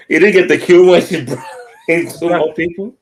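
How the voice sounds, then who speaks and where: A man co-hosting a podcast, jumping in with quick reactions and laughs during a film discussion. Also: fairly high pitch, crowd noise. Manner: lively interjections and laughter. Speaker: podcast co-host. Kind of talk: casual movie discussion.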